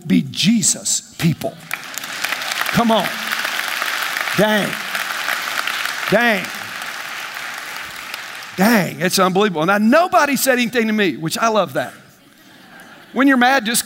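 A man preaching a sermon as pastor, lively and conversational, calling out questions to the congregation and acting out both sides of everyday conversations. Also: high voice, in a large hall. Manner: animated preaching, call-and-response, acts out dialogue. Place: church sanctuary.

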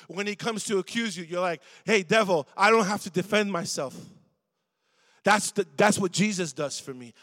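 Middle-aged guy preaching, high voice, chatty and calling out to the crowd, big echoey church hall. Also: fairly bright tone. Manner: conversational, calls for responses from the crowd. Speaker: guest preacher at a youth service. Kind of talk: sermon. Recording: long hall reverb.

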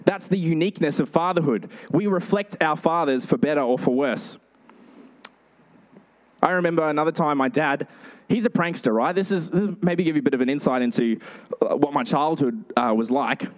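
A male pastor giving a sermon, telling lively stories with animated delivery. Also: on the high side, a little fast. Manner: storytelling, animated.

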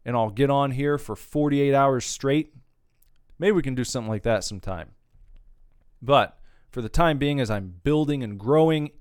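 A man's voice: mid-range voice, clear, resonant tone, dry recording, studio quality. A man hosting his own podcast, talking casually in a rambling, profane rant that wanders off on tangents. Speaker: podcast host.

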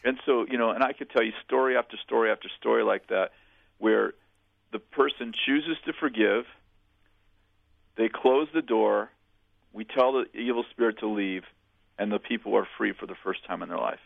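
A man's voice: lowish voice, normal speed, vocal fry, dry recording. A man speaking as a pastor and interview guest, telling earnest, plainspoken stories with frequent restarts. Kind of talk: storytelling in a radio interview. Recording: tinny phone line.

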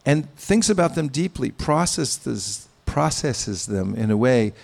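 A man giving a devotional sermon, speaking in a measured, pausing way with gentle humor. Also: mid-range voice, animated, gravelly. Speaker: spiritual teacher. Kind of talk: sermon with anecdotes.

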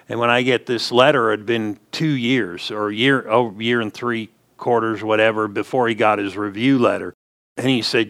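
A man's voice: medium pitch, measured pace, a bit bright. Folksy man preaching a sermon. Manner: folksy storytelling preacher, rising emphatic punches. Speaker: pastor.

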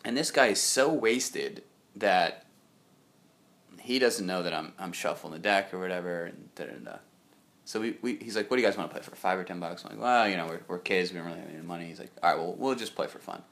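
A young man co-hosting a casual chat show spins a long, rambling anecdote, quoting other people in his own voice. He has a deep voice with a fairly bright tone and talks at a quick pace.

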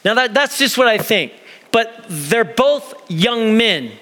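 Male pastor, high bright voice, chatty sermon delivery, church hall echo. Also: takes it slowly. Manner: animated, conversational, acts out quoted voices. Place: church sanctuary.

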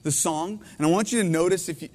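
A man in his thirties preaching a heartfelt sermon, tearful, his voice swinging between hushed and intense. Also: sits high, fast talker, big-room sound. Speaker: pastor. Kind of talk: emotional sermon.

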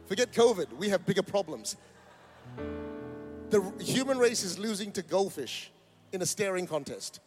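A man's voice: high-pitched, lively intonation, moderate pace, pauses often, music in the background. A man, preaching a sermon in a church, emphatic and rousing with joking asides. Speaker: pastor. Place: church auditorium.

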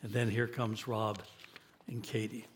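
A man's voice: fairly low pitch, level tone, a little slow, a little hiss or hum. A man in his eighties preaching a sermon, earnest and building to emphatic exhortation. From United States. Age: 80s. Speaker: guest preacher.

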